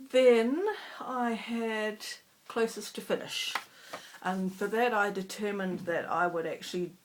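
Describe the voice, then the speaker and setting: A woman's voice: on the low side, noisy background. A middle-aged woman chatting casually about her stitching projects in a rambling, self-deprecating way. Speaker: cross-stitch vlogger. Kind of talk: casual chat.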